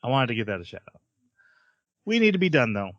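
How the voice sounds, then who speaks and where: A man's voice: mid-range voice, very animated, fast, a bit bright, dry recording, highs cut off. A man hosting a casual podcast, rambling and restarting his sentences, laughing often. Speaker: podcast host. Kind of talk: casual chat.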